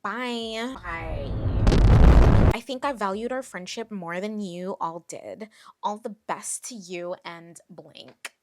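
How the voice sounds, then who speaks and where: A woman's voice: medium pitch, slow, slight background noise, lightly acted. A woman reading a passive-aggressive young woman's text messages aloud in a slightly raised, sing-song put-on voice.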